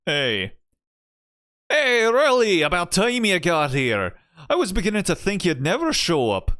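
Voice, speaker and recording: A man's voice: high voice, huge pitch swings, a little slow, sharp tone, pitched above the performer's own voice, exaggerated voice. A man voicing a cocky young male Celtic warrior hero in an exaggerated Irish accent that drifts into Scottish, with a bouncy, swaggering delivery. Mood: teasing. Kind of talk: reading game dialogue in voices.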